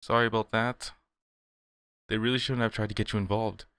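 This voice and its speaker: A man reading as a gentle schoolgirl club president. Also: fairly low pitch, little pitch movement, a little fast, no echo. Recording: game music behind.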